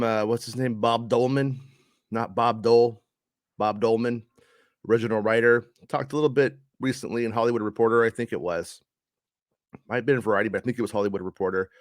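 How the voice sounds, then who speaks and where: A man's voice: lowish voice, no echo, studio quality. A man giving a casual spoken review of a show, frustrated and ranting, swearing often.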